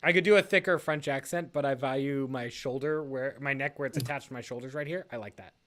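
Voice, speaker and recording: A man's voice: medium pitch, fast talker, a bit bright. A man casually talking through league matchups on a podcast. He rambles, corrects himself mid-sentence and laughs often.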